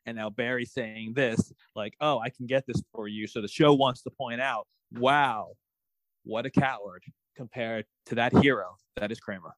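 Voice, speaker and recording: A man's voice: medium pitch, normal speed, no room sound. A man co-hosting a podcast, giving opinionated, rambling takes in casual talk about a TV show. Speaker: podcast co-host. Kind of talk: casual TV episode discussion.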